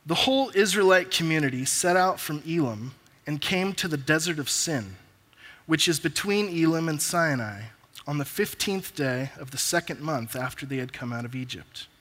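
A man preaching a sermon as pastor and reading scripture aloud with pauses. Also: a little high, expressive, fairly bright tone. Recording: long reverb of a large hall.

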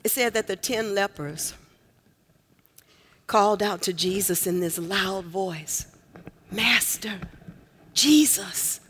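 A woman preaching a sermon with call and response, folksy and direct, swinging from shouts to near-whispers. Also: medium pitch. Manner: folksy, talks directly to the congregation.

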